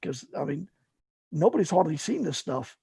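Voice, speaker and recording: Middle-aged man, casual storyteller, gravelly and husky, loose rambling delivery. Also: on the high side, big pitch swings, moderate pace, mellow, no room sound. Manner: rambling, lots of fillers and restarts. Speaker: guest, paramotor fly-in organizer.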